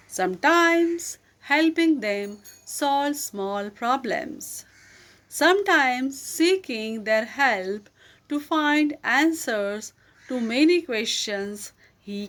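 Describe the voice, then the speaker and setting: A woman reading a children's story aloud in a gentle, deliberate storytelling manner. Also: fairly high pitch.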